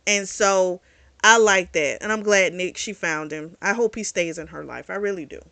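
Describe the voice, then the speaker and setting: A woman giving a casual spoken recap of a novel, animated and full of fillers, with the odd swear word. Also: on the low side, moderate pace, vocal fry, no room sound. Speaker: book reviewer.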